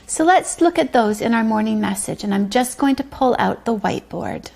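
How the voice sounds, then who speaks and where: A woman teaching a pre-kindergarten circle lesson, speaking slowly and drawing out words in a sing-song way for small children. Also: a little high, animated, gravelly, darkish tone. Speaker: preschool teacher.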